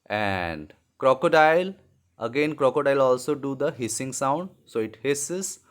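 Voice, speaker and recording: Slow, lively teacher. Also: male voice, medium pitch. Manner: patient, repeats words, animated sound-making. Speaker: English teacher. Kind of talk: slow lesson for young children.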